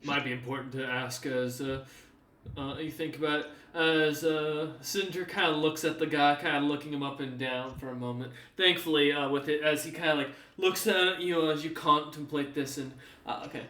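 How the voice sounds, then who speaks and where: A man's voice: a little high, fairly even intonation, moderate pace, bright, forceful tone. A man narrating as the game master of a tabletop game, descriptive and full of fillers. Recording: echoey room, distant mic.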